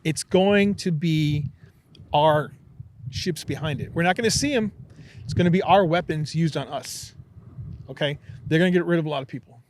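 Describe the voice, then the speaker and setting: A man hosting a podcast in casual chat, telling a conspiracy story in an animated, excitable way. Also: on the high side, normal speed, a little hiss or hum, low-quality recording. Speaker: podcast host.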